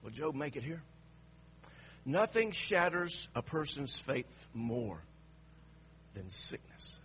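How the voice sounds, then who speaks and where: A man preaching a sermon, dropping to hushed lines and then rising to emphatic, raised passages. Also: mid-range voice, big pitch swings, slow pace, pauses often, lo-fi sound, a little hiss or hum.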